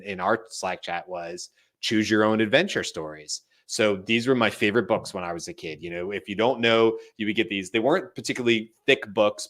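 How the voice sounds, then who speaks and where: A man co-hosting a podcast, chatting casually and telling stories with quoted voices. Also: fairly low pitch. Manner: animated storyteller, quoting and mimicking voices. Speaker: podcast co-host. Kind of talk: casual chat.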